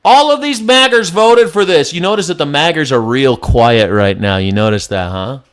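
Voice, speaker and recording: A man's voice: a little high, lively intonation, moderate pace. A man hosting a live stream, angrily ranting and heckling news clips with sarcasm and swearing. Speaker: host reacting to news clips. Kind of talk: live-stream political rant.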